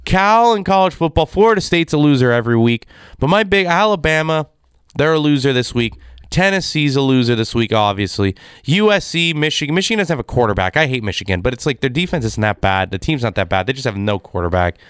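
A man's voice: mid-range voice, lively intonation, fast talker, fairly bright tone, clear, resonant tone, no echo, studio quality. Exasperated man ranting. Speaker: sports commentator. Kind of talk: casual sports rant.

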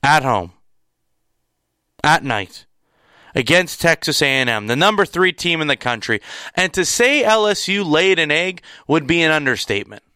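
A man's voice: on the high side, very animated, moderate pace, pushed and bright, smooth, no echo, clean studio sound. A young man giving an opinionated sports recap, emphatic and exasperated, repeating words to drive home his points. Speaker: sports commentator.

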